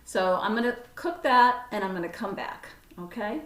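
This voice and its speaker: A woman's voice: mid-range voice, animated, moderate pace, fairly bright tone. A woman giving a casual cooking demonstration in her home kitchen, chatty and self-correcting as she works. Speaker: cooking instructor. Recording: roomy kitchen sound from a distant camera mic.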